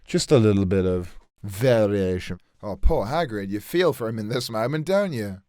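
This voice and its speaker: A man's voice: fairly low pitch, lively intonation, moderate pace, a little mellow, dry recording, studio quality. A man with a Yorkshire accent, chatting comedically between impressions with a self-mocking, apologetic manner and a strained voice. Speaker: impressionist youtuber.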